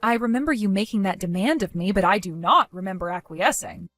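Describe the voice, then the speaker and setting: An actress voicing a calm young woman defending her savings, speaking in a firm, measured, articulate way in a voiced story drama. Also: mid-range voice, no echo.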